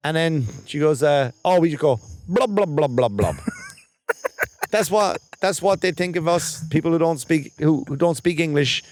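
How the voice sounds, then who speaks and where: A man's voice: a little high, a little slow, no room sound. A man, a stand-up comedian co-hosting a casual comedy podcast, talking in a rambling, joking way with lots of restarts and swearing.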